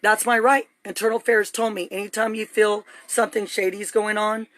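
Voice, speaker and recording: A woman's voice: medium pitch, flat delivery, brisk, a bit bright. Agitated woman ranting into her phone. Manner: agitated, urgent, rambling. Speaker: livestreamer. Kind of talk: live phone stream. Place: home, indoors.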